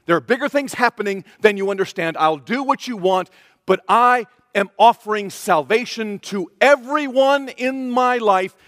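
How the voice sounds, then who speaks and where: A man's voice: sits high, normal speed, fairly bright tone, no room sound, clean studio sound, long reverb tail. A man voicing a tender, pleading divine speaker in the middle of a sermon.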